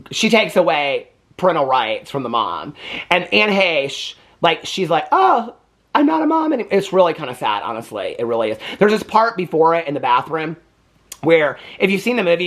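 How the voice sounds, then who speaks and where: A man's voice: a little high, expressive, moderate pace, a bit bright. A man giving a casual, rambling movie recap, full of "like" and acted-out quotes. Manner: rambling, chatty, heavy filler "like", acts out quotes. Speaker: movie reviewer.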